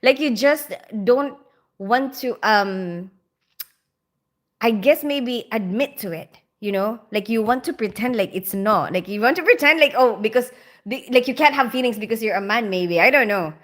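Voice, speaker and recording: Expressive and fairly bright, her slightly high voice moves at a moderate pace. The speaker is a woman in her forties from the Philippines who hosts a casual livestream, chatting over comments with frequent laughter.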